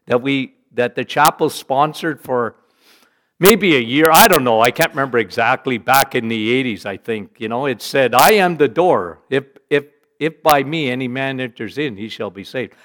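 A middle-aged man preaching a sermon, animated, rising to emphatic bursts and dropping low for weight.

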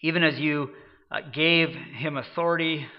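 A man giving an unscripted sermon, halting often and repeating words as he goes. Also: a little high, steady tone, muffled recording. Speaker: preacher.

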